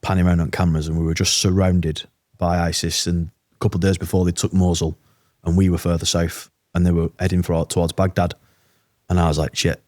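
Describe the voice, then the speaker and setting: A man's voice: low voice, little pitch movement, a little fast, darkish tone, no echo, clean studio sound. A British man, an army veteran, telling a war story bluntly with swearing and quoted dialogue in a casual podcast interview.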